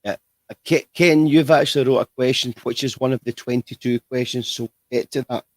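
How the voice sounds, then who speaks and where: A man's voice: medium pitch, steady tone, a little fast, no room sound. A man hosting a livestream interview, chatty and rambling, with frequent restarts. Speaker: host.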